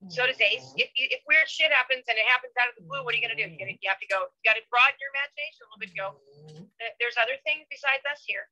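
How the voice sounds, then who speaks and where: A woman's voice: on the high side, very fast, few pauses, sharp tone. A woman giving an interview guest's account, talking angrily and emphatically, swearing and often restarting her sentences. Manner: angry, emphatic, profane, with frequent restarts. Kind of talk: emotional interview talk. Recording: dull lo-fi sound.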